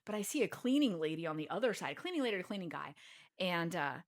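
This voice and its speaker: Podcast guest: chatty American woman, animated storyteller who acts out her own past lines, lively pitch. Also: fast. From United States. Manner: chatty, peppers speech with "like".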